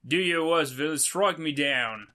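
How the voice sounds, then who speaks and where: A man voicing a boastful young male knight hero with boomerangs, in a hokey put-on Australian twang. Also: unhurried, bright, forceful tone. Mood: hearty.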